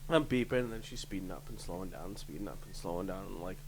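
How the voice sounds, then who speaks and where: A middle-aged man hosting a casual chat, telling stories in a profane, animated way. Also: low voice, very fast, low-quality recording. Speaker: podcast host.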